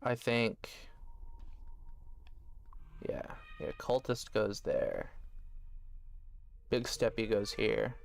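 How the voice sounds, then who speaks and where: A man's voice: on the low side, very animated, very slow, creaky, pauses often, soft background music. A man giving casual let's-play commentary, joking and thinking aloud as he plays. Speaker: gaming video host.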